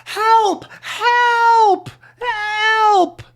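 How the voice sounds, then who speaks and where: A man voicing a panicked woman housekeeper with high, shrieking cries for help. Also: animated, extremely slow, full character voice.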